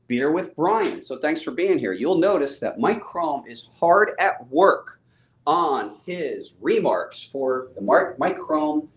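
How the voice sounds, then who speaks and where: This man, a host and comic book publisher, has a fairly high voice with big pitch swings and takes his time. He's upbeat and chatty, laughing often during a casual live stream from a studio set with a bar, where the room sounds echoey.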